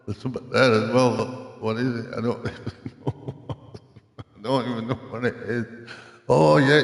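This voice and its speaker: A man's voice: mid-range voice, vocal fry. An older man, chatting casually and rambling with a chuckle as he streams a racing game from his home rig. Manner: rambling, chuckling, self-mocking. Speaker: gaming streamer. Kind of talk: casual live-stream chat while playing a racing game. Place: home gaming rig in a makeshift cardboard box. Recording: echoey room with long reverb.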